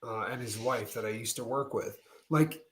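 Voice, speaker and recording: A man co-hosting a podcast, telling animated stories in casual chat and laughing often. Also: mid-range voice, normal speed. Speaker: podcast co-host. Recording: roomy echo.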